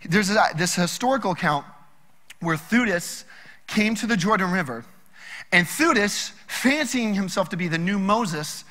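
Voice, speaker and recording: A man preaching a sermon in a casual, animated storytelling way. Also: high-pitched, unhurried, big-room sound. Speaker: pastor.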